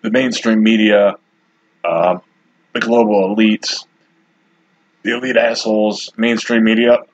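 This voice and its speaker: A man's voice: on the low side, steady tone, slow pace, breathy edge, dry recording, highs cut off. A man in his forties from Detroit, hosting his own podcast and rambling bluntly through his opinions with lots of asides, a bit hiccupy. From Detroit, USA. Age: 40s. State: has the hiccups. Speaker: podcast host. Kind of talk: casual solo commentary.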